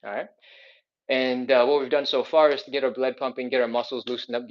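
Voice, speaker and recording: A man's voice: medium pitch, highs cut off. A man leading a live stretching class, coaching upbeat and checking in with "all right?" as he explains each move. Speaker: fitness instructor.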